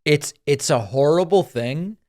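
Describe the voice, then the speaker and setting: A man's voice: on the high side, expressive, unhurried, a little mellow. A man hosting a political news commentary show, delivering dry, sarcastic remarks. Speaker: host.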